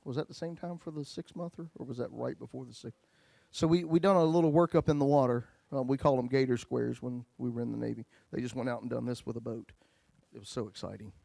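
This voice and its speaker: A man preaching a sermon as a pastor, telling a personal story in a folksy, joking way and swinging between loud and hushed. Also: mid-range voice, fairly even intonation, quick pace, creaky, few pauses, no echo.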